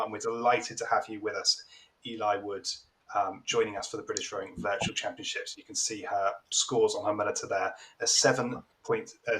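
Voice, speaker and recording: A man's voice: on the low side, fairly bright tone. A man presenting social media posts during a live sports broadcast, upbeat and chatty. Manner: upbeat, reads out viewer posts.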